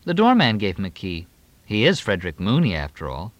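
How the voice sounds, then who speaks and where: A man's voice: on the low side, wildly swooping pitch, a little fast, dry recording, highs cut off. A man reading an audiobook, voicing a weary, unhappy young actress in a raised, lighter tone. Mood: exasperated.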